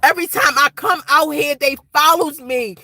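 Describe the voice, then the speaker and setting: A woman's voice: high-pitched, normal speed, sharp tone, no room sound, poor audio. A woman in her forties recording an impassioned, rambling vlog rant outdoors at night, repeating herself as she talks. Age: 40s. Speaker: vlogger.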